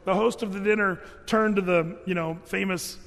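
A man preaching with a notably high voice, talking in a loose, conversational way full of fillers and restarts. His voice rings out with a long reverb, as though filling a large hall. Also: fairly even intonation, moderate pace, creaky, a bit bright. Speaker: pastor. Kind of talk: sermon.

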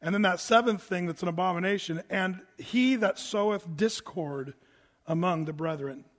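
A man preaches in a high voice, conversational and emphatic, and he keeps putting rhetorical questions to his listeners. The sound carries the long reverb of a church sanctuary. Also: normal speed. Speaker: pastor. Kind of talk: sermon.

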